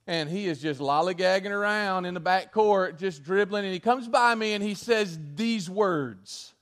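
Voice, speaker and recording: A man preaching a sermon in an earnest, halting way, often restarting his phrases as he goes. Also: high voice, fairly bright tone. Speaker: pastor.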